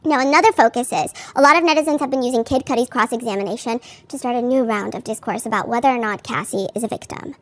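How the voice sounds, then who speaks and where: A woman's voice: a little high, fast talker, few pauses. A woman podcast host giving casual, chatty commentary on a court case, full of "like" fillers and candid asides.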